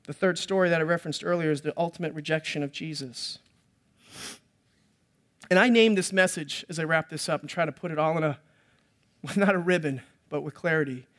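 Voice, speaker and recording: A male pastor preaching an impassioned sermon, building to loud pleading and then dropping to a soft, quiet prayer. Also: fairly high pitch, fairly quick, long pauses.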